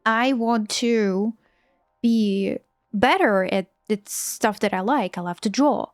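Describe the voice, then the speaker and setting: A woman's voice: mid-range voice, slow, no room sound, clean studio sound. A woman in her thirties chatting casually on a live stream while she draws, enthusiastic and often restarting her sentences in non-native English. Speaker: artist streaming while drawing. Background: faint background music.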